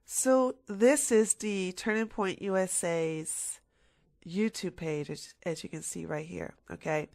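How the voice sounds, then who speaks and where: A woman's voice: fairly low pitch, steady tone, slow pace, creaky, darkish tone, no echo, studio quality. Emphatic woman ranting on her vlog. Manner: emphatic, mocking, repeats points for emphasis. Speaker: political commentator.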